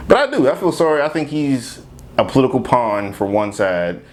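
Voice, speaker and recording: A man co-hosting a casual chat, a military veteran who talks bluntly, jokes and laughs loudly. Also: medium pitch, very animated, fairly quick, a little hiss or hum.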